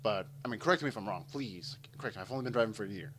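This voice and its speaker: A lowish male voice races through a long, rambling, curse-filled story against a noisy background. This gameplay commentator tells it casually while playing a game, animated and profane as a storyteller.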